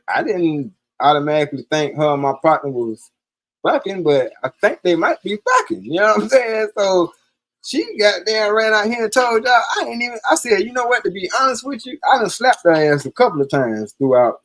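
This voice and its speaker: A man telling a personal story in casual, profane talk on a live stream, acting out the lines of the people in it. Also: fairly high pitch. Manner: profane, animated, acts out quoted dialogue.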